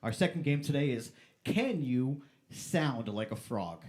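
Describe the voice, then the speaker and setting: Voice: medium pitch, animated, measured pace, darkish tone. A playful host running a silly game show on a live stream, stretching out key words like an announcer.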